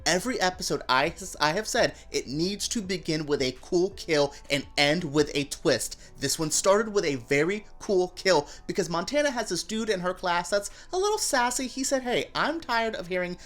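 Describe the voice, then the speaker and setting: Animated gossipy woman reviewing TV. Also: fairly low pitch, moderate pace, few pauses, faint music behind. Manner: animated, gossipy and campy, with playful voices for quotes. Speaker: TV review show host. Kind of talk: casual TV review vlog.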